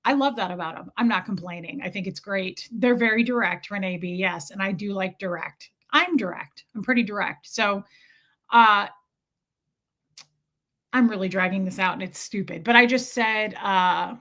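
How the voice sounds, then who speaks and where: A woman's voice: medium pitch, normal speed, bright, forceful tone. A woman hosting a casual livestream, telling a rambling story and often breaking off to greet viewers in the chat. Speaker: content creator hosting a livestream.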